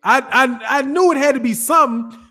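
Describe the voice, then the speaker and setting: A man's voice: very high-pitched, brisk, bright, forceful tone. A man from the North Side of Chicago with a Chicago accent, hosting a boxing channel live stream, talking loosely in slang and greeting chat viewers by name.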